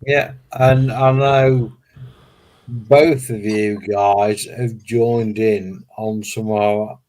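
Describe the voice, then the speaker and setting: Low, slow-speaking male guest, warm with thanks. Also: little pitch movement, rough recording. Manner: gracious, effusive thanks. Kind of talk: casual chat.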